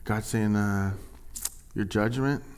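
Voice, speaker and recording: A man preaching a sermon, animated and jokey, swinging from quiet asides to loud, high exclamations. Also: takes it slowly, clean tone. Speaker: pastor.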